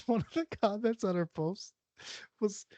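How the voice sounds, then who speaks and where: A man's voice: sits high, a little slow, mellow, no echo. A man hosting a podcast, chatting casually in a rambling, profane way and laughing often. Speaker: podcast host. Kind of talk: casual solo podcast chat. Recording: dull, lo-fi sound.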